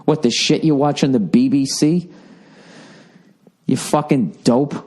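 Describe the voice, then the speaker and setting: A man's voice: medium pitch, a little slow, a little mellow. Profane, ranting American man. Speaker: comedian. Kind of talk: ranting podcast monologue.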